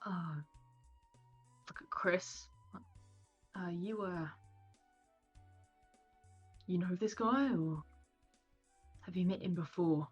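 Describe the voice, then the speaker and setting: A woman in a tabletop game, breathy and hesitant, stumbling over her words. Her voice comes through a dull, lo-fi mic. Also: lowish voice, slow, pauses often, faint music behind. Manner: hesitant, stammering. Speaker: player.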